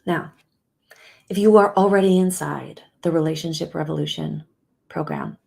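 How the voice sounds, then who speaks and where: A middle-aged woman relationship coach giving a motivational talk, earnest and soft-spoken, dropping to whispers and rising to emphatic outbursts. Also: low-pitched, normal speed, gravelly.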